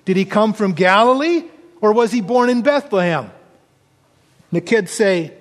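A man's voice: high-pitched, expressive, unhurried, long pauses, long reverb tail. A man preaching a sermon, reading scripture aloud and explaining it earnestly. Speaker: pastor.

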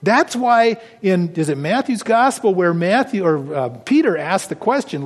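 A man preaching a sermon, swinging between raised exclamations and hushed, low passages. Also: sing-song, unhurried, hardly any pauses, long reverb tail. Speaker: pastor.

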